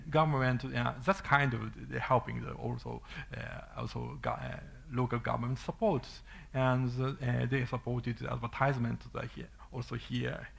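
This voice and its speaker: Gravelly man with a Japanese accent. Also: mid-range voice. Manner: hesitant, many fillers and restarts. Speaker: conference speaker. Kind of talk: halting conference talk with Q&A.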